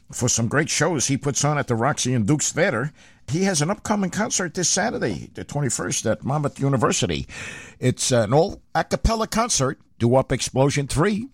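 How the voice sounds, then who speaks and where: Older radio host with lively pitch. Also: male voice, dry recording, studio quality. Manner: lively, rambling, filler-heavy. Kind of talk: casual radio chat between records. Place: radio studio.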